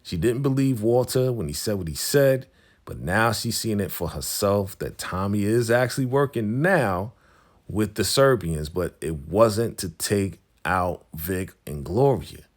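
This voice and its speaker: A man's voice: fairly low pitch, lively intonation, unhurried. A man casually recapping a TV episode, retelling scenes and acting out the characters' lines in a slangy voice. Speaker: recap host.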